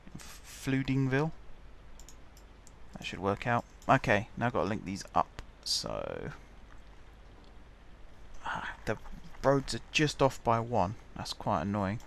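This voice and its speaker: A man's voice: fairly low pitch, big pitch swings, slow pace, vocal fry, long pauses, fairly bright tone, a little hiss or hum. Man talking to himself over a game. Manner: chatty, muttering to himself while building. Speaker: gaming channel host. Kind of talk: casual game commentary.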